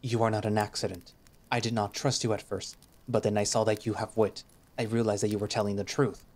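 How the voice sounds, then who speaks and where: A stoic, tailed creature warrior speaks formally and without contractions, as a man reads him. The voice sits low and steady. It is a visual novel reading. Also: fairly quick. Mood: gentle.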